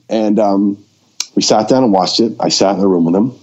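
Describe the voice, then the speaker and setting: Low-voiced male filmmaker spinning a casual story with plenty of ums and acted-out quotes. Slightly muffled recording. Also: a little fast. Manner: animated storyteller who acts out quoted dialogue; frequent fillers and restarts. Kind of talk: casual anecdote-telling in a conversation. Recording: dull lo-fi recording.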